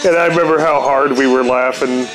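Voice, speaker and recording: A man's voice: mid-range voice, steady tone, brisk, music in the background. Laid-back, foul-mouthed male storyteller. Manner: profane, laid-back, laughs often. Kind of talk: casual spoken story.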